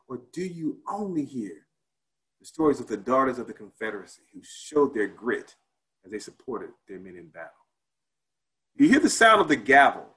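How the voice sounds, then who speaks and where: A man's voice: medium pitch, a bit bright, rough recording. Man reciting a rhetorical spoken-word piece. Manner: rhetorical, rising on questions and dropping to near silence. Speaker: conference presenter.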